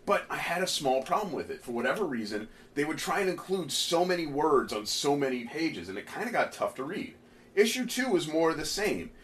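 A man hosting a casual comic review chat, ranting in an animated, exasperated way. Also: a little high, brisk, a little hiss or hum. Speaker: comic book podcast host.

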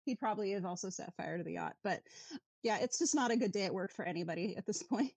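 A woman co-hosting a podcast in a casual chat, wry and sweary with quick asides. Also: medium pitch, lively intonation, darkish tone, husky, no room sound. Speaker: podcast co-host.

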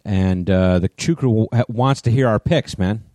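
A man co-hosting a podcast, cracking quick jokes and jabs. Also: lowish voice, warm tone, no room sound, studio quality. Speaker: podcast co-host. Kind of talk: casual chat.

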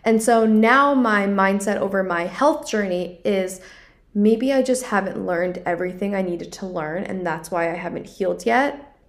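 A young woman with a medium-pitched voice and moderate pace hosts her own podcast, sharing a personal story. Her reflective monologue is earnest and confessional, sprinkled with lots of "like."

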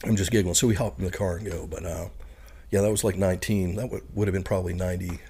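A man's voice: low voice, quick pace, slight background noise. A middle-aged man, a podcast guest telling a story in casual talk and acting out the people in it. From Canada. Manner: animated storyteller who acts out the people in his stories.

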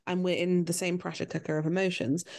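Candid woman, gravelly voice. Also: on the low side, fast. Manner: candid, animated storytelling with restarts. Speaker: guest. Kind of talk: casual podcast chat.

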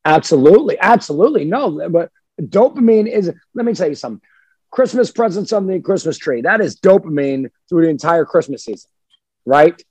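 Male dog trainer, husky and a little high, emphatic podcast chatter in a dry room. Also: brisk, dry recording. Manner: emphatic, animated, acts out dog voices. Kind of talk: casual podcast chat.

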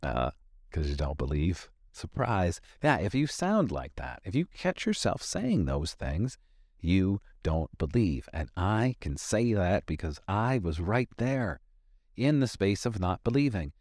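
A man's voice: deep voice, sing-song, unhurried, a little mellow, no echo, studio quality. A man hosting a motivational podcast, talking emphatically, repeating key lines for weight. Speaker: podcast host and life coach.

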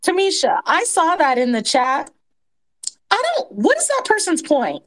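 Animated high-voiced woman. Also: unhurried. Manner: animated, indignant, laughing. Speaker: guest speaker in audio room. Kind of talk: casual chat.

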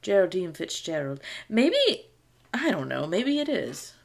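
A woman's voice: on the low side, big pitch swings, a little slow, vocal fry. A woman co-hosting a podcast, chatting casually and recapping a sitcom episode, laughing often. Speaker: podcast co-host.

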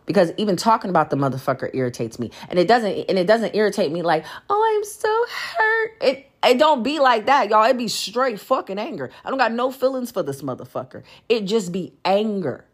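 A woman's voice: mid-range voice, big pitch swings, fast talker, hardly any pauses, husky. Blunt, profane woman venting on a podcast. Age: adult. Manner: blunt, profane, emphatic storytelling. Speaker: podcast host. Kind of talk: candid solo podcast venting.

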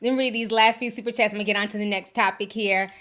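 Woman podcast host, first language yoruba, really bright voice, chatty and animated, laughs a lot reading super chats. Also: mid-range voice, quick pace. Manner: chatty and animated, laughs often, slangy asides. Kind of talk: casual chat, reading viewer super chats.

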